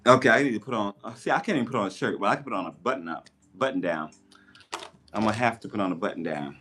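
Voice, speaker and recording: A man chatting casually on a livestream while he takes down his hair, telling stories with lively quoted voices. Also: lowish voice, fast. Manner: chatty, animated storyteller with playful voices in quotes. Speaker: live streamer. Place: at home doing his hair. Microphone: tablet mic.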